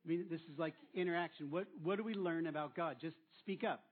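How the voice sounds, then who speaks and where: A man's voice: on the high side, a little fast. A man preaching a sermon as pastor, drawing answers from the congregation and repeating them back with encouragement. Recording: tinny phone-like sound.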